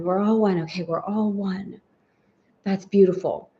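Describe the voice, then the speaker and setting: Woman spiritual teacher, mid-pitched, reflective guided lesson, muffled lo-fi recording. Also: normal speed, warm tone. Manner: reflective, voices inner thoughts aloud.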